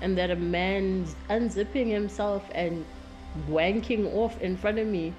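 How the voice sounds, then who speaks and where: A woman performing an impassioned spoken-word monologue, fiery and profane, moving between raised outbursts and low, bitter confession. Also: a little slow, darkish tone, lo-fi sound, soft background music. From South Africa.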